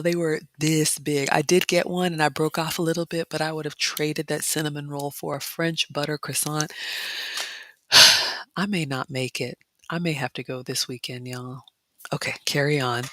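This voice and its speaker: A woman vlogger chatting casually and reading viewer comments, dropping into excited whispers. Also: deep voice, no room sound. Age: adult mother. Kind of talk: casual chat narrating photos, reading live comments.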